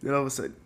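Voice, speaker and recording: A man's voice: on the low side, gravelly, a little hiss or hum. A young man telling a story in a casual, rambling way, full of fillers. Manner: rambling, filler-heavy, loose.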